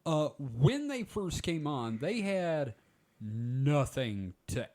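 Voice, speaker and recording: A man's voice: fairly high pitch, big pitch swings, slow pace, darkish tone. Podcast host dude in his 40s, rambling chatty stories, voice swoops up and down a lot. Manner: rambling storyteller, many "like" fillers. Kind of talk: casual chat.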